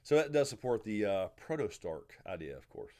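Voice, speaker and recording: Speaking at a normal pace in a voice on the low side, a Southern American man hosts a loose, live Q&A. His manner is easygoing and meandering, and he calls out chat members by name when he greets and answers them.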